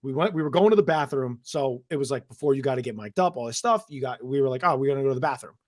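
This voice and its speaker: A man's voice: mid-range voice, very fast, no echo. Young male guest from New Jersey, rambling storyteller, dry close sound. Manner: rambling, animated retelling with many "I was like" quotes. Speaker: interview guest. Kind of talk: casual storytelling interview.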